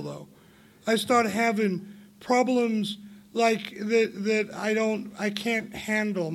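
A man's voice: sits high, fairly bright tone. A man in his forties from England, telling his personal recovery story to a meeting in a candid, rambling way, laughing often and swinging into emphatic outbursts.

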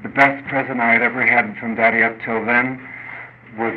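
An older man speaking at a recovery meeting, telling a personal story in an earnest, halting way with many restarts. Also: medium pitch, level tone. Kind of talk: personal testimony. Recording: dull lo-fi recording with faint noise.

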